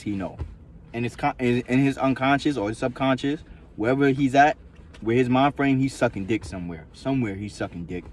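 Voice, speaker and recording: Profane rambling man, middling pitch. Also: darkish tone, slight background noise. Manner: profane, repetitive, loose street slang. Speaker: vlogger. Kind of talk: casual rambling monologue.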